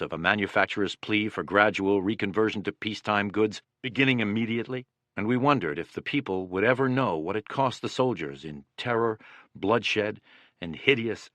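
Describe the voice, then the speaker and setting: A man's voice: on the low side, moderate pace, a bit bright, dry recording, close to an everyday voice. A man reading as a somber, reflective soldier. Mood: bitter. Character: reflective male soldier writing of the war.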